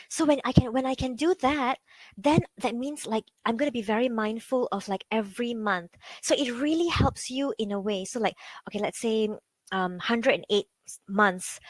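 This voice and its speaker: A woman with a Malaysian English accent gives a conversational talk as a psychology coach. Her voice sits fairly high and sounds dry and close, with no room around it. She keeps it chatty, fills gaps with "like" and turns often to her listeners with questions. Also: no echo, rough recording. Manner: chatty, peppers speech with "like", asks the audience questions.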